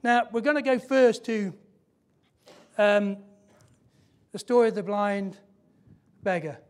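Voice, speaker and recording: A man preaching a sermon in church, emphatic, repeating key phrases and slowing down for emphasis. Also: sits high, darkish tone, smooth.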